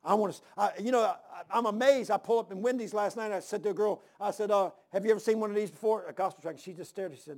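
Gravelly sixty-something preacher, high voice. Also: male voice, fast talker, hardly any pauses. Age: 60s. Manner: emphatic, repeats phrases, calls amen and hallelujah; folksy, drawls "man" and "ain't". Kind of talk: sermon.

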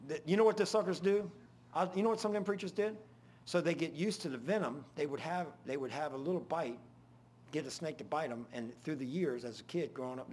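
An older man preaching an informal sermon, full of folksy stories and swinging between loud and hushed. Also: fairly high pitch, a little hiss or hum.

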